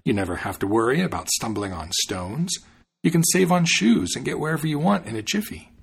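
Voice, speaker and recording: A man's voice: medium pitch, big pitch swings, moderate pace, breathy edge, exaggerated voice. A man reading the part of a naive, cheerful young traveler in a storybook tale, speaking eagerly.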